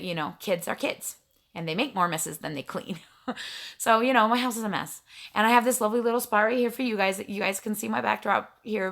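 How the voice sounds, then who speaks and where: A woman's voice: mid-range voice, pushed and bright. A middle-aged woman talking to her camera at home in a rambling, chatty, self-mocking way. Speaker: vlogger. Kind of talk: casual chat to camera. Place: home room in front of a backdrop.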